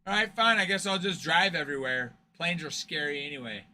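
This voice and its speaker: A man's voice: a little high, animated, normal speed, sharp tone, slight background noise. A man hosting a card break stream, chatting casually with viewers, joking and laughing often. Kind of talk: casual livestream chat with viewers.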